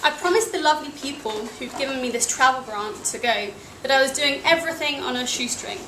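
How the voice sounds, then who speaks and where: A woman's voice: high voice, brisk. A young British woman from England telling a wry, self-deprecating personal travel story to a live audience. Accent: British English. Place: cafe event room. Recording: echoey cafe with noisy ambience.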